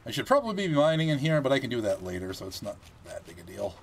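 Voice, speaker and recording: A man giving casual gameplay commentary, chatty and thinking aloud as he plays, with animated reactions. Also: medium pitch, fast, a little hiss or hum.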